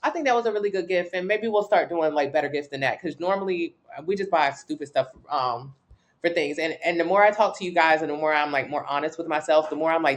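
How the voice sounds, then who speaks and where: Speaking fast in a low-pitched voice, a woman from Miami, Florida, with a Southern accent chats on a casual live stream. The fitness coach is candid, gossipy, and chatty, and she swears freely.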